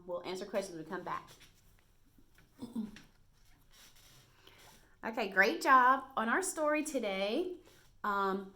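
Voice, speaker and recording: A woman teacher leads a reading lesson for small children on video. She talks slowly and encouragingly, sounding out each word with care. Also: mid-range voice, a bit bright. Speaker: first grade teacher.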